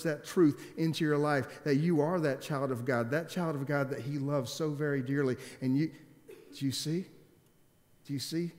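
Pastor guy preaching, kinda higher voice, punchy and repeats himself a lot, long echo off the hall. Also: darkish tone. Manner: emphatic, repeats key phrases, asks the congregation questions. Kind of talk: sermon.

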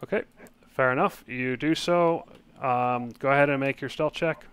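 A man's voice: medium pitch, moderate pace, a bit bright, clear, resonant tone, no echo. A man narrating a tabletop game as game master, hesitant and full of fillers, over online voice chat.

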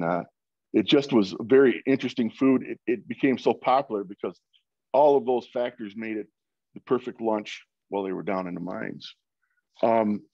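A man's voice: fairly low pitch, no echo, dull audio. A man from Michigan giving an informal presentation over a video call, with many fillers and restarts. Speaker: guest speaker.

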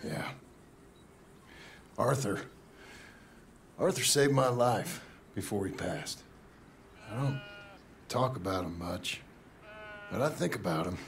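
An actor playing a quiet, weary outlaw man in a video game, speaking slowly and reservedly. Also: fairly low pitch, lively intonation, gravelly, a little hiss or hum, heavily acted.

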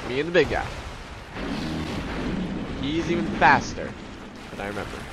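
A man doing let's play commentary, excitable and self-mocking, yelping and groaning when things go wrong. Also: mid-range voice, moderate pace, background noise. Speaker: gameplay commentator.

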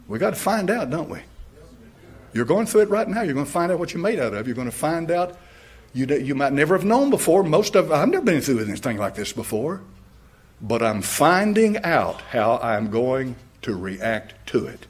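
A man's voice: mid-range voice, big pitch swings, moderate pace, husky. An older American man, a pastor, preaching a sermon with stories and fervent questions. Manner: storytelling, rising to fervent questions, laughing at own stories.

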